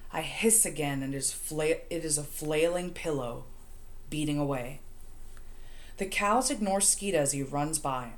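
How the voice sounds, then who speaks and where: A woman narrating an audiobook in the first person, steady and measured. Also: low-pitched. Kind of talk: audiobook reading.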